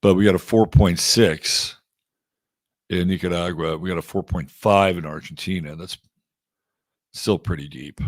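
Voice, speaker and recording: A middle-aged man from Texas with a low voice runs a casual livestream, reading off items and greeting his viewers one by one by name. His chatty, easygoing talk is recorded dry and close, with no room echo. The whole stream feels loose and unhurried. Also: steady tone. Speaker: astrology livestream host.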